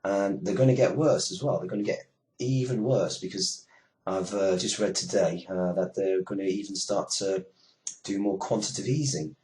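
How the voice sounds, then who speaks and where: A British man hosts an internet radio show, ranting in a loose monologue full of fillers, sarcastic asides, and free swearing. His very low voice stays steady and a little mellow at a moderate pace.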